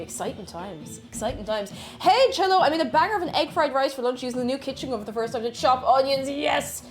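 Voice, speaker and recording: A bubbly woman hosts a live stream, greeting viewers and reading their messages aloud. Her fairly high voice swings into a sing-song lilt when she greets people. Soft music plays quietly underneath.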